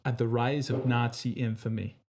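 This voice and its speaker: A young man co-hosts a casual podcast and talks with earnest, rising motivational drive, pausing often on fillers and restarts. His pitch sits in an ordinary middle range. He talks into a podcast mic while wearing earphones. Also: flat delivery, darkish tone. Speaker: podcast co-host.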